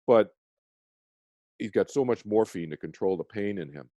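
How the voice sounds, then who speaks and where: A man's voice: fairly low pitch, animated, normal speed, mellow, no room sound, clean studio sound. A man talking as a guest, explaining earnestly with frequent restarts and checking in with "okay?". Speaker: guest, meditation teacher.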